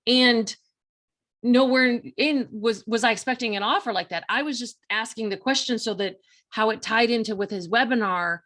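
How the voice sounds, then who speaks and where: A woman hosting a talk show, telling a personal story in a chatty, animated way, full of fillers and quoted self-talk. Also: mid-range voice. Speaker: podcast host.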